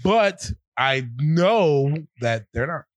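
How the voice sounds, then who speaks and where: A man's voice: on the high side, lively intonation, extremely slow, no room sound. A man co-hosting a podcast in casual chat, making blunt, skeptical remarks. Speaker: podcast co-host. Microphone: podcast microphone.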